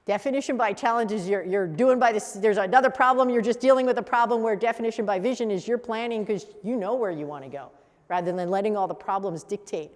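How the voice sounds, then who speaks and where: A woman teaching a coaching workshop, lively and laughing, repeating answers back to the room. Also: medium pitch, fast talker, in a large hall. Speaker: coach trainer.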